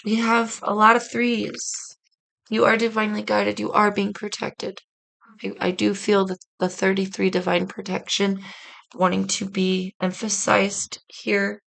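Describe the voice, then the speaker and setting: A woman's voice: medium pitch, little pitch movement, a little slow, gravelly, a bit bright, low-quality recording. A woman reading tarot cards for her viewers in a casual, earnest, reflective way, speaking straight to them. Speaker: tarot reader.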